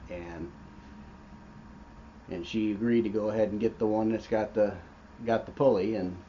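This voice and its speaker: A man's voice: lowish voice, steady tone, normal speed, warm tone. A man co-hosting a casual livestream, talking in a dry, laid-back, self-deprecating way. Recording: dull webcam audio with faint background noise.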